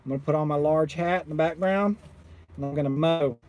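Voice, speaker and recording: A man who runs a solar installing business, ranting casually to viewers with animated exasperation. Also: on the high side, fairly quick. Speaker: solar installer, channel owner.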